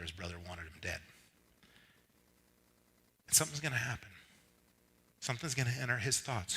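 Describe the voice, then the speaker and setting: Animated preaching man with a bright edge. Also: medium pitch, husky. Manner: energetic, conversational, animated preaching. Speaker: pastor. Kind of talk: sermon. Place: church.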